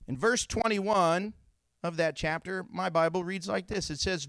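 A pastor preaching a sermon to his congregation, animated, acting out the voices of people in the story. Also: high voice, unhurried, creaky, smooth, no echo, studio quality.

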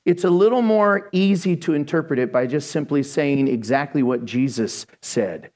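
A male pastor preaching a sermon to a congregation, animated and jokey, often acting out voices. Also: fairly high pitch, normal speed, few pauses. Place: church before a congregation.

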